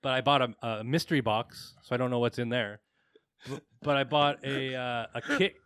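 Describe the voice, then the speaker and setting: A man with a bright, mid-pitched voice chats on a podcast. He rambles through lists and lets his lines trail off. The recording is dry and close. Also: steady tone, normal speed, clean tone, no echo. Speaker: podcast co-host. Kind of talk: casual chat.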